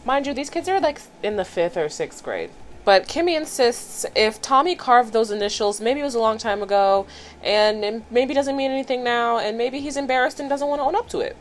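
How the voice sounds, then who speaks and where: A woman's voice: on the high side, fairly quick, slight background noise. Chatty woman vlogger recapping a cartoon. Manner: chatty, animated, playful commentary.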